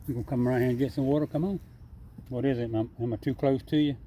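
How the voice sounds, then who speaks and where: A man's voice: mid-range voice, fairly even intonation, rapid-fire, mellow, slight background noise. Guy talking to a raccoon outside at night, folksy and teasing, pretty plain middle voice. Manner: folksy, teasing, coaxing an animal. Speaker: backyard wildlife feeder. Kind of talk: casual talk to an animal while filming. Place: outdoors at night by a water drum.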